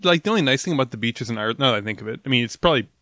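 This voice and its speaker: A man's voice: mid-range voice, lively intonation, rapid-fire, sharp tone, no room sound. A man co-hosting a comedy podcast, trading dry, sarcastic quips in casual chat. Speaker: podcast co-host.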